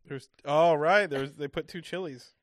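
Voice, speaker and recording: A woman's voice: deep voice, moderate pace, no room sound, clean studio sound. A woman co-hosting a casual recap podcast, chatty and joking. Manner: chatty, laughing, jokey asides. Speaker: podcast co-host.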